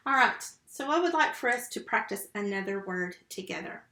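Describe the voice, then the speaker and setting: A patient woman teacher leads a remote phonics lesson for first graders, sounding out syllables and spelling letters one at a time. Her voice sits at an everyday middle pitch. The room around her gives a noticeable echo. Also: lively intonation, moderate pace, bright, forceful tone.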